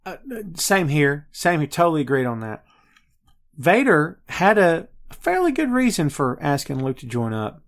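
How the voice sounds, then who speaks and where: A man's voice: on the high side, normal speed. A man hosting a podcast, chatting casually and with energy about a film and addressing his listeners directly. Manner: animated, addresses listeners as folks and kids. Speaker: podcast host. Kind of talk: casual movie review chat.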